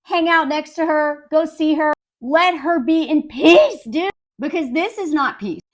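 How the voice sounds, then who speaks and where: A woman giving casual, sarcastic film commentary in a blunt, animated way. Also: high voice, a little slow.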